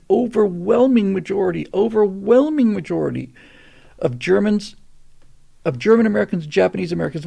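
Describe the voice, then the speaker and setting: A man's voice: vocal fry, warm tone, husky. An older man hosting a show, talking casually and earnestly, and getting emphatic when he makes his points. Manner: earnest, builds to emphatic pitch on key points. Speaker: host. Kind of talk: casual monologue answering a question.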